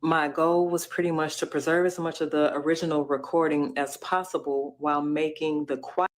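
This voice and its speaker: Female audio engineer, measured and technical, prepared explanation. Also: sits low, steady tone.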